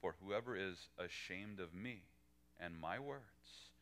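Male pastor, bright forceful voice, animated sermon delivery, quoted lines acted out. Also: slow. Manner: animated, acts out quoted lines with pitch jumps. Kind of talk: verse-by-verse sermon.

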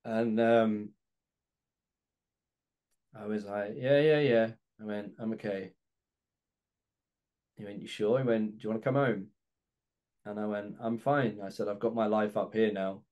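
A man's voice: lowish voice, fairly even intonation, measured pace, long pauses, darkish tone, dull audio. Reflective man telling his story. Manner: candid and reflective, acts out phone calls. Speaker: podcast host. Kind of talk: personal storytelling.

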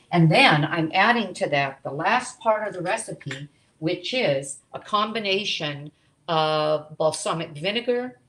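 A woman's voice: sits low, a bit bright, echoey room, low-quality recording. A woman teaching a live online cooking class from her home kitchen, chatting and making asides as she cooks.

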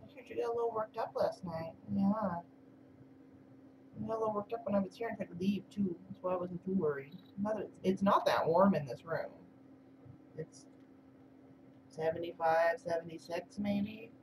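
A woman's voice: on the low side, normal speed. Woman cooing baby talk, heard from afar. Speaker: kitten sitter. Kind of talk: casual talk to kittens. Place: indoor room with caged kittens. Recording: distant mic with noisy room.

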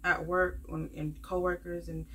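A woman's voice: lowish voice, flat delivery, measured pace, fairly bright tone, a little hiss or hum. A woman vlogging in a casual, rambling way. She talks straight to her viewers, fills in with lots of ums and likes, and keeps calling them "y'all.". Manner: rambling, many fillers, calls viewers "y'all". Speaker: budgeting vlogger. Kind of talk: casual chatty vlog to viewers.

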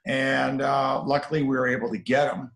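A middle-aged man, a film director, telling anecdotes in an interview and dropping to a low murmur on asides. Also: level tone, moderate pace, fairly bright tone. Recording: roomy echo.

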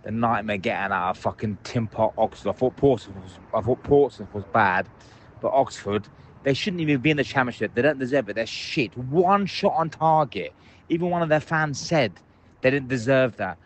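A man leaves a heated voicemail from out in public, swearing freely and ranting with passion. His voice sits at an ordinary pitch. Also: moderate pace, slight background noise. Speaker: caller leaving voicemails. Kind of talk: phoned-in voicemail rant. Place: out in public, at a train station.

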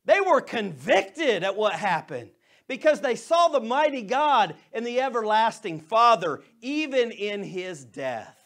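A male pastor preaching a sermon in a church, swinging from loud, emphatic lines to soft, hushed scripture reading. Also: high voice, big pitch swings, unhurried.

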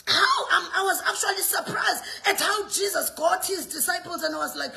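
A middle-aged South African woman delivering a fiery sermon, her voice pitched very high with a gravelly edge. She exhorts her listeners through pointed rhetorical questions, and her tone stays bright and forceful. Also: normal speed. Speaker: prophet and preacher.

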